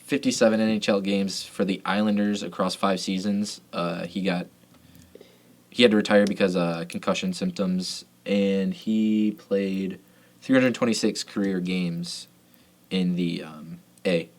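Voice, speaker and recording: A man's voice: low-pitched, fairly even intonation, unhurried. A man co-hosting a sports podcast, chatting casually and reeling off player names and stats. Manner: laid-back, rattles off player names and stats. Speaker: podcast co-host.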